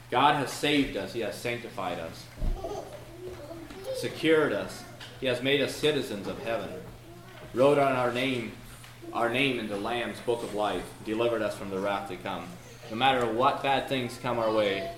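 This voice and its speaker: A man's voice: lowish voice, normal speed. A man preaching a sermon in a folksy, storytelling way, reciting prayers and verses. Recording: echoey room with noise.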